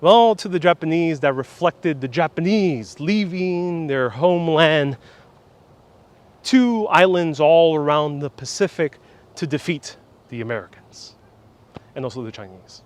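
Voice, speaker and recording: A man hosting an outdoor tour, retelling a folk legend in a lively, casual way, recorded outdoors on a small wireless clip-on mic. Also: measured pace. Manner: lively, casual retelling with pitch swings and fillers. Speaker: tour guide host. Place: outdoor sculpture park.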